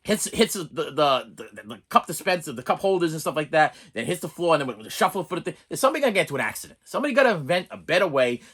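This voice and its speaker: A man hosting his channel in a loose, rambling vlog chat, full of asides and restarts. His voice sits a bit high and swings widely in pitch as he talks. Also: very fast, few pauses, husky. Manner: chatty and animated, with frequent restarts and asides. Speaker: channel host and reviewer.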